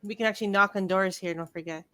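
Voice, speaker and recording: A woman playing a tabletop game over voice chat, chatty and quick, trailing off into fillers. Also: medium pitch, steady tone, sharp tone. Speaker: player.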